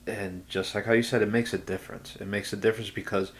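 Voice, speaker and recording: A man's voice: lowish voice, flat delivery, fast talker, a little hiss or hum. A man hosting a podcast, talking reflectively in casual interview chat and sometimes dropping to a whisper. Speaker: podcast host.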